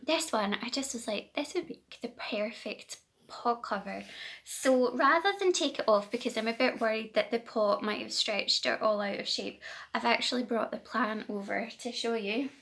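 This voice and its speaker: Scottish woman, knitting vlogger, slightly high with vocal fry, chatty and self-correcting, home phone recording. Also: fairly bright tone. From Scotland. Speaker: knitting podcast host. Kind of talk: casual chat to camera. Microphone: phone camera.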